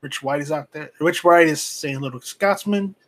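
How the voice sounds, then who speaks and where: Man, live-stream host, casual chat, reads viewer comments, halting, restarts a lot, home mic. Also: a little high, fairly even intonation. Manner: halting, rambling, with many restarts and fillers. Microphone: home streaming mic, voice only, off camera.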